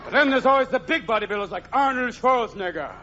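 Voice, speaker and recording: High-pitched manic comic guy live on stage, dull old recording, big crowd. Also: lively intonation, fast, noisy background. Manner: manic, jumps between impressions and shouted bits. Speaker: stand-up comedian. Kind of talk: stand-up comedy with rapid character voices. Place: large live theater with audience.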